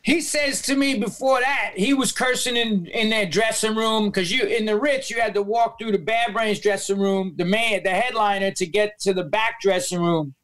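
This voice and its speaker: A man with a New York accent telling profane, animated stories as a podcast guest, acting out the voices of people he quotes. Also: high-pitched, moderate pace, few pauses. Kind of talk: storytelling in a podcast interview.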